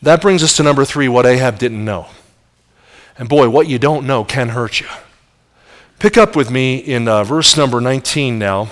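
A man's voice: mid-range voice, moderate pace. A middle-aged man preaching a sermon, telling the story vividly and asking the audience rhetorical questions. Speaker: pastor. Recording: long reverb of large hall.

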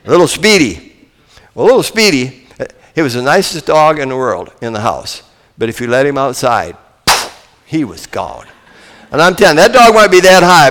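An older man preaching a folksy sermon, telling stories and swinging between booming and hushed delivery. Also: long reverb tail.

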